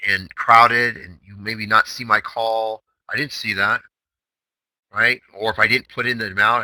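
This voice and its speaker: A man's voice: mid-range voice, sharp tone, no room sound, low-quality recording. A man hosting a day-trading chatroom recap, talking brashly and emphatically with lots of rhetorical questions. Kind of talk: recorded trading session recap.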